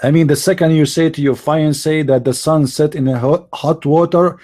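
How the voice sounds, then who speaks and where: Dark-toned man, mocking live commentary. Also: a little high, fairly quick, hardly any pauses. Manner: mocking, sarcastic, mimics voices. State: hoarse, coughing. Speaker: debate show host.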